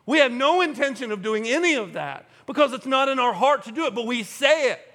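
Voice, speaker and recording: A man preaching a sermon to a congregation in a church, animated and humorous, acting out everyday scenes. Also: very high voice, a little fast. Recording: long hall reverb.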